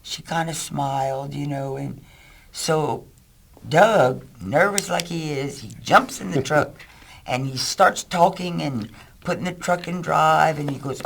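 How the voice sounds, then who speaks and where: A man's voice: a little high, measured pace, gravelly, a little hiss or hum. A man telling a rescue story in an interview. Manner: lively storyteller. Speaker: volunteer rescuer.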